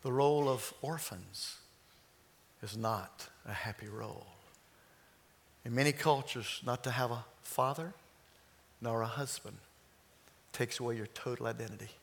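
A man in his sixties preaching, telling stories and slowing down on key phrases. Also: mid-range voice, vocal fry. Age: 60s. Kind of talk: sermon storytelling.

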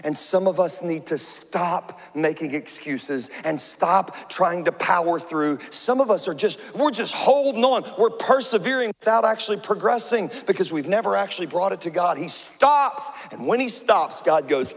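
A male pastor delivers a sermon and tells his stories with animated humor. His voice sits high for a man, and a long hall reverb trails behind him. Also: moderate pace, few pauses.

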